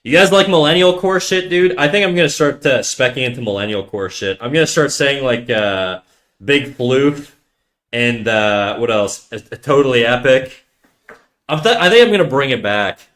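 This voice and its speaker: A young man live streaming, chatting casually with viewers in a deep, bassy, nasal voice, talking fast with frequent stutters and restarts, swearing and calling everyone dude. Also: lively intonation, fairly bright tone. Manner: swearing, slangy, calls listeners dude. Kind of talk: casual chat reading viewer comments.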